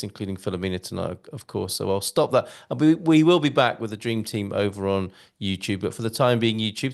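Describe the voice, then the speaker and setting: A man's voice: lowish voice, creaky. A male live-stream host reading out viewer comments in a chatty, jokey way, with many fillers and hesitations.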